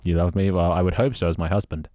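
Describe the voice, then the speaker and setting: A man's voice: deep voice, quick pace, mellow, no echo, studio quality. An English man streaming live, chatting casually with his viewers, laughing often, swearing and fumbling through playful mock French. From England. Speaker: live streamer reading chat.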